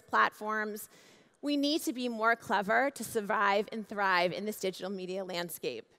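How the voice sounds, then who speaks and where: A woman in her forties, a keynote speaker at a conference, delivering a measured, emphatic speech with dramatic pauses from the stage. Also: on the high side, fairly bright tone. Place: large conference hall. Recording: long hall reverb.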